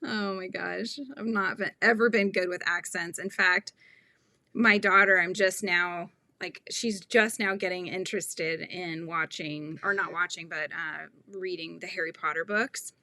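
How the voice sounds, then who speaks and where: A woman in her thirties chats through a crochet tutorial, rambling between topics and laughing easily. Her voice is bright and forceful with a gravelly fry. It is recorded close and dry, with no room sound. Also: fairly low pitch, steady tone, a little slow, dry recording. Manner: chatty, rambling, laughs often, reads viewer comments. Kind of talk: casual livestream chat while crocheting.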